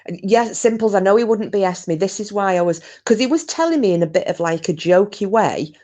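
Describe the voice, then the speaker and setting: A woman's voice: medium pitch, expressive, brisk, dark tone. A woman, casually telling a ghost story in a chatty, rambling way, with swearing and restarts. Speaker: channel host.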